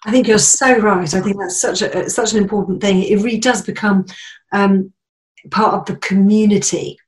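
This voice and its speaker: A woman's voice: mid-range voice, fairly even intonation, normal speed. Encouraging British woman interviewer. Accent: British English. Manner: affirming, encouraging listener. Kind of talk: interview questions.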